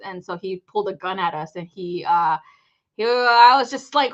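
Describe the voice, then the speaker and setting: A woman's voice: mid-range voice, expressive, normal speed, sharp tone, lo-fi sound. A woman hosting a live psychic reading stream, telling rambling stories in casual chat, laughing often and swearing freely.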